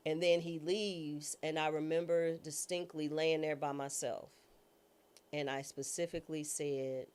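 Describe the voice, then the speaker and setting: A woman's voice: sits low, little pitch movement, measured pace, darkish tone, clear, resonant tone. A woman guest, a former judge and trial attorney, telling a personal story in an interview. She speaks casually and acts out the voices of people she quotes. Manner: casual, informal speech.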